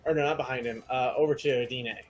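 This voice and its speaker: A man narrating a tabletop game as game master, in loose, halting speech full of fillers. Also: medium pitch, steady tone, dull audio, soft background music.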